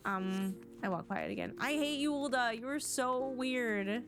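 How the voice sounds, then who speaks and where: A woman's voice: a little high, unhurried. A woman streamer giving playful, chatty commentary while playing a game. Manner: playful, chatty, teasing remarks to chat. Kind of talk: casual gameplay commentary.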